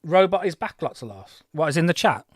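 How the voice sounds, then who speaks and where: A man's voice: fairly high pitch, big pitch swings, fairly quick, no echo, studio quality. A man in his forties hosting a gaming livestream, chatting in a rambling, self-deprecating way. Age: 40s. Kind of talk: casual livestream commentary.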